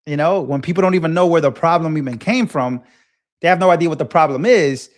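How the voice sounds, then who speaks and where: A man in his twenties hosting a livestream, talking in an impassioned, animated way and often repeating himself while answering chat. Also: fairly high pitch, fast talker. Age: 20s. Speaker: livestream host.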